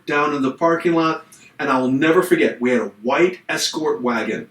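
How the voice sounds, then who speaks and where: A middle-aged man hosts a casual podcast and tells a long personal story with lively energy, jumping into the voices of the people in it. His voice sits a little high for a man. He sounds slightly back from the mic in a roomy, echoing space. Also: normal speed, far from the mic. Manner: animated storyteller acting out quotes. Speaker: podcast co-host.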